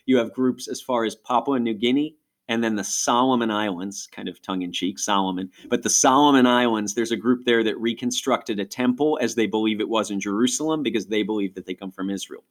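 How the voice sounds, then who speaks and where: A middle-aged man from Rochester, New York, explaining in a podcast conversation with animated asides. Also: on the low side, a little fast. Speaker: ministry guest speaker.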